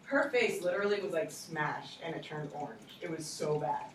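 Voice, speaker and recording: A young woman teacher telling a playful, animated story to a class of children, recorded from far away in an echoey classroom. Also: deep voice, normal speed, a little hiss or hum. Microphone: distant recorder.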